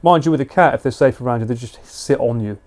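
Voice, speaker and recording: A man's voice: mid-range voice, fast talker, a little mellow. A British man chatting casually and slangily with viewers on a live stream. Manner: chatty, laid-back, slangy.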